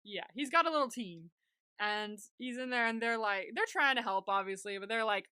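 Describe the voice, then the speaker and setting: A high-pitched woman with a bright, clear tone co-hosts a podcast in casual chat. She giggles often and slips into quick impressions of the characters she describes. Her voice sounds close and dry, with no room around it. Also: lively intonation, dry recording. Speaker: podcast co-host.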